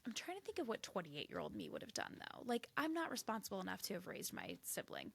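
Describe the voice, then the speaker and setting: A woman's voice: medium pitch, wildly swooping pitch, fast talker, creaky, a bit bright, husky. A woman in her thirties co-hosting a podcast, chatting casually and acting out quoted voices with animation. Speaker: podcast co-host. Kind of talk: casual chat.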